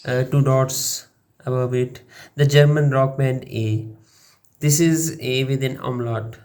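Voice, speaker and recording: Unhurried man from Pakistan explaining letters. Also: fairly high pitch, darkish tone. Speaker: language learning YouTuber. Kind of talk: playful explainer monologue.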